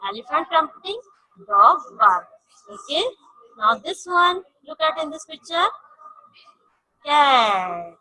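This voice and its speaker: A woman teaching a science lesson to young children, repeating each point slowly and stressing key words, in English with non-native grammar. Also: high-pitched, sing-song, sharp tone, low-quality recording. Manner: slow, repetitive, emphatic teaching.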